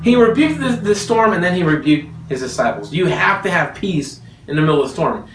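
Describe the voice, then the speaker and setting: A man preaches a sermon in a lively, joking way, often breaking into laughter. His voice sits high and swoops widely. He sounds distant, in a roomy, echoing space. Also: a little fast, a little hiss or hum. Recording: echoey room, mic at a distance.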